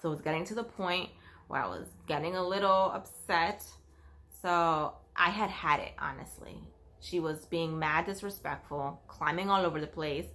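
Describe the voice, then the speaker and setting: A woman's voice: fairly low pitch, normal speed, fairly bright tone. Chatty woman telling a nanny story. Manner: chatty, storytelling, with frequent fillers like "like" and "you know". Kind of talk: casual storytelling vlog.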